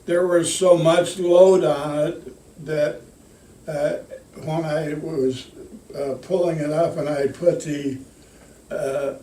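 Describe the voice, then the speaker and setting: Old lineman dad, slow and halting, lots of uhs, echoey room, far from mic. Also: a little high, steady tone, warm tone. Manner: halting, many fillers and restarts. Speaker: retired lineman, father. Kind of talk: casual storytelling. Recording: roomy sound from a distant mic.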